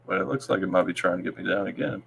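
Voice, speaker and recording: Stream host, male, from Tennessee, bright, low-ish voice, laid-back. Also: very fast, creaky, breathy edge. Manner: reads viewer comments aloud, laid-back. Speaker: livestream host. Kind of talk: casual live stream chat.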